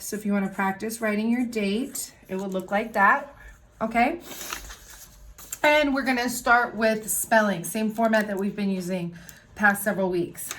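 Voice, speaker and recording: A woman teacher giving a recorded lesson to young children, explaining worksheets step by step in a clear, patient way. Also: medium pitch, fairly bright tone, slight background noise. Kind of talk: recorded remote class lesson.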